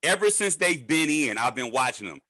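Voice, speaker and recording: A man from Detroit chatting in an animated, joking way on a celebration call, often stumbling and restarting. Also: medium pitch, normal speed, no echo. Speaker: trading educator. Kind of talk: casual celebratory chat.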